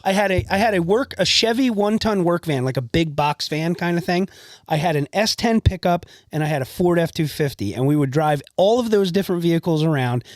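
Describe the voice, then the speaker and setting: A man from New Jersey spins stories for a podcast, swearing freely and acting out every person he describes. His voice sits a little high, and the sound is close and dry, with no room around it. He talks in loose, casual chat. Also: fairly quick, dry recording. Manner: animated storyteller, swears freely, acts out the people in his stories. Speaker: podcast host.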